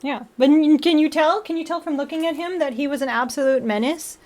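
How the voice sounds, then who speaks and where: This livestream host is a young woman with a high, somewhat dark-toned voice that moves a little fast. Giggly and talkative, she laughs along with her audience and baby-talks to her cats between comments.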